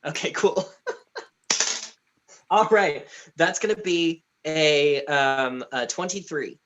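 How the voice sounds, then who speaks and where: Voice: medium pitch, lively intonation, slow pace, fairly bright tone, lo-fi sound. A tabletop game player who narrates playfully and laughs often. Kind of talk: tabletop role-play.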